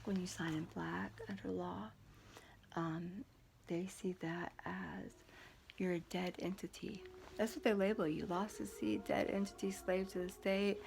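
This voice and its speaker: A woman's voice: fairly low pitch, creaky, noisy background. A woman telling a story to her viewers in a blunt, indignant, talkative way. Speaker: vlogger. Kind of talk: casual storytelling to camera.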